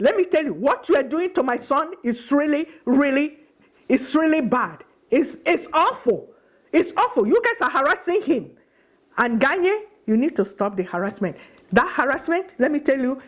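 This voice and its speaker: Middle-aged woman ranting at the camera, high voice, fired up, says things twice to hammer them home. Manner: indignant, repeating lines for emphasis, pleading and accusing. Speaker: vlogger. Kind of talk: impassioned direct-to-camera address.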